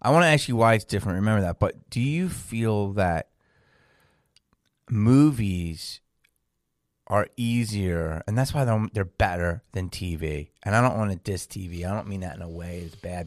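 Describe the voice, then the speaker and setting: A man hosting a podcast interview, talking in a casual, animated and emphatic way as he tells stories. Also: low-pitched, no echo, studio quality. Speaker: podcast host.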